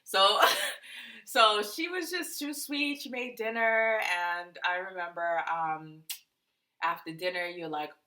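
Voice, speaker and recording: A woman's voice: mid-range voice, takes it slowly, pushed and bright. A young woman with a Massachusetts accent, co-hosting a podcast and telling a story in a chatty way, laughing often and saying "like" a lot. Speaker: podcast co-host. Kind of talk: casual storytelling chat.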